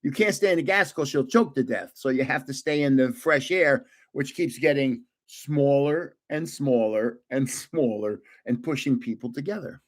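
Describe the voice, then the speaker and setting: Speaking at a moderate pace with hardly any pauses, this mid-range male voice belongs to a 70-something livestream host. He tells gaming stories casually and animatedly, laughing a lot and often restarting.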